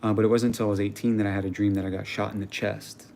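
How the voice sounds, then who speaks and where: Young male streamer, lower voice, casual and swearing, home setup with faint ambience. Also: rapid-fire, vocal fry, slight background noise. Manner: animated storyteller, slangy and swearing. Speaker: livestream host. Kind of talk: casual chat.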